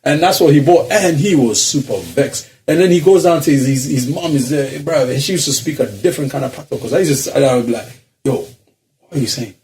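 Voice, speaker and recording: A man's voice: fairly high pitch, fast talker, few pauses, a little hiss or hum. A man telling a story in a casual podcast chat, acting out the people in it and laughing often. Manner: animated storyteller, acts out voices, laughs often. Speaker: podcast co-host.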